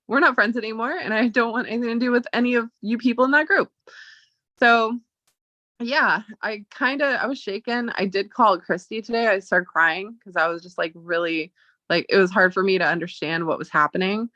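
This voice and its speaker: With a bright, forceful voice on the high side, a woman speaks at normal speed while vlogging about something that happened to her. She's chatty, leans on "like" and retells dialogue. The lo-fi recording sounds dull and has no room sound.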